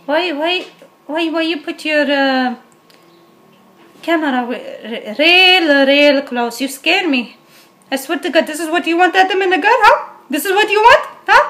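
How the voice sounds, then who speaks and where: A woman's voice: high-pitched, a little slow, a bit bright. A young woman vlogger, reacting with dramatic, stammering mock jealousy. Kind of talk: comedic reaction vlog.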